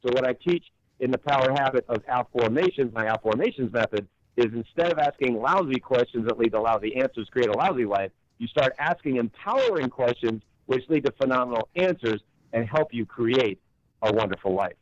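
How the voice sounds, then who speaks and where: Fast-talking emphatic man on a podcast. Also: mid-range voice, lively intonation, muffled recording. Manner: emphatic, rhetorical questions, acts out quotes. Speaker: guest author and coach. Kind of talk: interview explanation.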